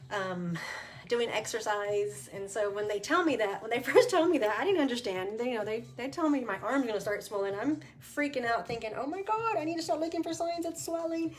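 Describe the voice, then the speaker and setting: A woman speaking casually on a livestream, sharing her personal testimony in a candid, chatty way with fillers and quick laughs. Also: medium pitch. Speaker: cancer survivor sharing her story. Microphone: webcam or phone on a livestream.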